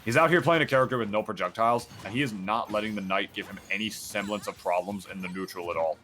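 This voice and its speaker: A man commentating a fighting-game match in a casual, excitable, joking way, full of "like". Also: on the low side, fast talker, soft background music. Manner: excitable, joking, chatty with filler "like". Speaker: esports commentator.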